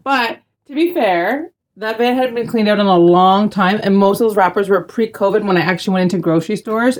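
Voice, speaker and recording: A woman's voice: medium pitch, a little fast. A woman hosting a podcast, chatting and teasing her husband, often laughing. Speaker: podcast host. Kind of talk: casual podcast chat.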